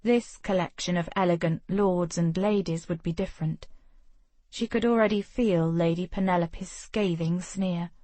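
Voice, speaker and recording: Brief: female audiobook narrator, mid-pitched, expressive, very dry close recording. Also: no room sound. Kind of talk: scripted narration.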